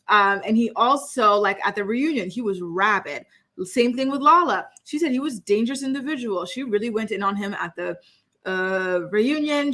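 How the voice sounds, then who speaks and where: Bright-voiced woman recapping reality TV. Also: medium pitch. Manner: chatty, opinionated, heavy use of "like". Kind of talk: casual chat recap.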